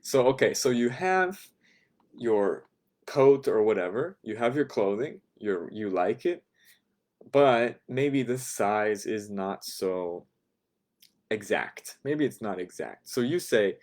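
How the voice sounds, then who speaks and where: A man teaching a beginner language class, calmly repeating phrases for learners to follow. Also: mid-range voice, a little slow.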